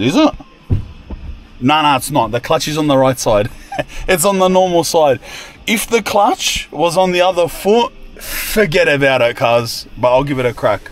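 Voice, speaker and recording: Excitable young man driving. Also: high-pitched. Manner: excitable, joking, heavy slang banter. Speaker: travel vlogger. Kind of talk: casual self-filmed driving commentary. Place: inside a moving car. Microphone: phone camera. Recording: road and engine noise from a moving car.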